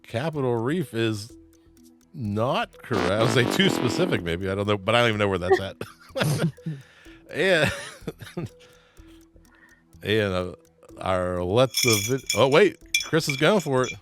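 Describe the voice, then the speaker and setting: Guy hosting a trivia show, super animated voice going up and down, jokey and laughy, bit of music under him. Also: on the low side, normal speed. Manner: playful, laughs often, jokes with players. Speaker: game show host.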